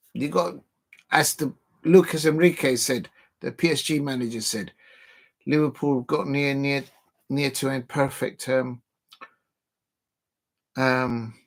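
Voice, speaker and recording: A man hosting a football watch-along, speaking at a middling pitch for a man. He talks in a casual, opinionated way and addresses his viewers directly as he runs through his predictions. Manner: chatty and opinionated, talking straight to viewers.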